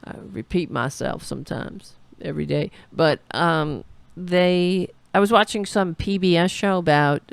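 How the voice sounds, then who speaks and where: A woman's voice: low voice, gravelly, clean tone, no echo. A woman hosting a political talk show, giving sarcastic, rambling live commentary on a speech.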